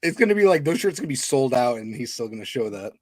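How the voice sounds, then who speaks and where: A man in casual podcast banter, talking in a lively, laughing way. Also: mid-range voice, quick pace, dry recording. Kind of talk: casual chat.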